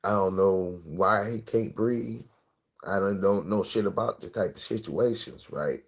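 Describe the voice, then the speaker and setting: Deep husky man telling a wild story. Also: measured pace. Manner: animated, profane storytelling with acted-out quotes. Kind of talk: casual storytelling.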